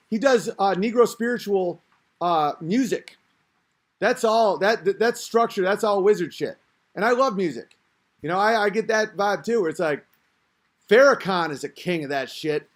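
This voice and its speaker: A man's voice: high-pitched, lively intonation, normal speed. A man hosting a podcast, talking in a rambling, crude, self-interrupting casual rant. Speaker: podcast host.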